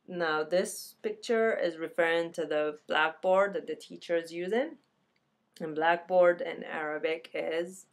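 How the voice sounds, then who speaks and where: Slow, low-voiced woman teacher for a beginner lesson. Repeats every word twice, relaxed and chatty. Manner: casual, self-correcting. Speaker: Arabic teacher.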